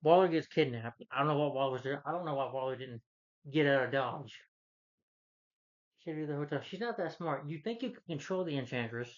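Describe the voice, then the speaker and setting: A man's voice: on the high side, animated, fairly quick, dull audio. A man giving a casual, opinionated movie review, rambling with many restarts and fillers.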